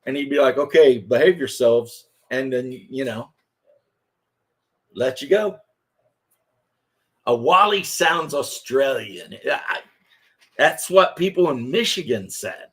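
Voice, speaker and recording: A man in his fifties from Kentucky drawls through a loose, rambling story in a casual chat. He takes his time, with unhurried pacing and a mid-range voice. He sounds like he's chatting over a hobby table. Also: mid-range voice, animated, a bit bright. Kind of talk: casual chat while crafting.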